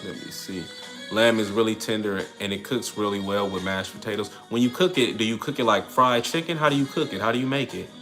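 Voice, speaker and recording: A man's voice: lowish voice, brisk, over music. A man in his thirties hosting a casual livestream, rambling through viewer comments and often asking "you get me?". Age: 30s. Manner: rambling, keeps tagging lines with "you get me?". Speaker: livestream host.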